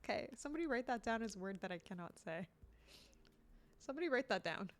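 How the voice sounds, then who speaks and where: A woman's voice: a little high, lively intonation, fast talker. A young woman streaming live, chatting casually and reading game text aloud, swearing freely as she stumbles over words. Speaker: livestreamer.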